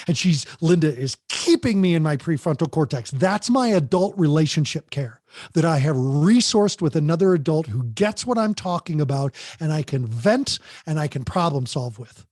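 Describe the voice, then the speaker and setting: A man's voice: a little high, expressive, normal speed, a little mellow, dry recording, clean studio sound. A man who works as a parent coach, talking animatedly as a podcast guest and often restarting his sentences.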